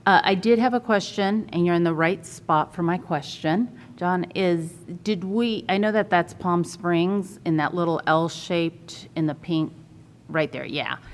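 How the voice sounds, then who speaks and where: A woman with a low voice speaks up in a public commission meeting, pausing on ums and restarting her sentences as she thinks aloud. She comes through a video call, with a faint hiss underneath. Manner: halting, frequent ums and restarts. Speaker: redistricting commissioner.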